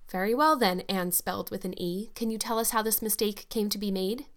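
A woman's voice: mid-range voice, a little fast, lightly acted. A woman voicing a stern, unsympathetic older farm woman who speaks curtly and sharply. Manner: curt and sharp.

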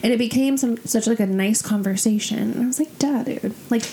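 A woman co-hosting a podcast in casual chat, talking quickly with lots of "like" and acting out her own quotes. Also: a little high, warm tone. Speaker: podcast co-host.

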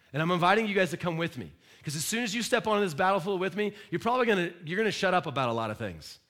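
Animated man preaching a sermon. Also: high-pitched, fast, hardly any pauses. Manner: animated, emphatic preaching with sudden loud rises and soft drops; direct questions to the congregation. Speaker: pastor.

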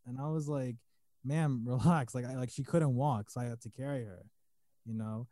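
A man's voice: medium pitch, fairly quick, warm tone, dry recording. A man co-hosting a casual podcast, telling a long story with lots of fillers and restarts. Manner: rambling, many fillers and restarts. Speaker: podcast co-host.

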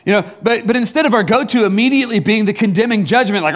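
High-voiced man giving a casual sermon. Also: fast, hardly any pauses, a bit bright. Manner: casual and teasing, many fillers and restarts, chuckling asides. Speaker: pastor. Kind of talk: conversational sermon.

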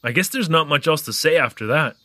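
A man's voice: fairly high pitch, a little fast, dry recording, studio quality. A man playing a chatty young newcomer. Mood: musing. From Canada. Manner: animated, joking, wandering asides. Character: young male newcomer keeping a spoken diary, curious, chatty. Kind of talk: audio drama narration.

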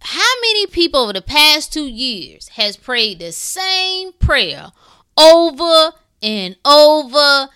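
A woman hosting a podcast, speaking in a blunt, preachy way with swearing and shifting between calm talk and fired-up bursts. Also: high-pitched, slow. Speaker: podcast host. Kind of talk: impassioned spiritual talk.

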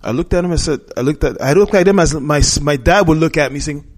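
Man, middle-aged, fairly high-pitched, interview guest, heartfelt storytelling, earnest, frequent restarts. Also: fast talker. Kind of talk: heartfelt personal storytelling in conversation.

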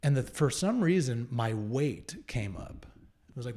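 A man's voice: medium pitch, animated, a little slow, long pauses, mellow. A man in his thirties earnestly telling a personal story as an interview guest, reflective and candid. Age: 30s. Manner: earnest, reflective, with fillers and restarts.

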